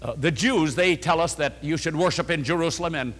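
A quiet, hesitant woman at a well asks her questions, as a male preacher voices her in his own low tone. She speaks softly and a little unsure, and a long church reverb follows every phrase. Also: brisk.

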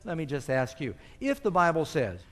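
With huge pitch swings, a slightly high and somewhat bright voice, and a moderate pace, a man delivers an emphatic sermon. His words echo through long hall reverb as he quotes scripture and poses questions to the audience.

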